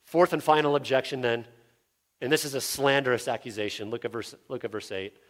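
A man preaching an expository sermon as a pastor, earnest, dropping low and quiet for scripture and rising when he voices objectors. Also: a little fast.

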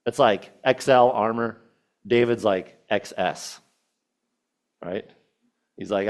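A man's voice: fairly low pitch, slow pace, pauses often. A man preaching a sermon, retelling a scripture story with casual asides and quoted verses.

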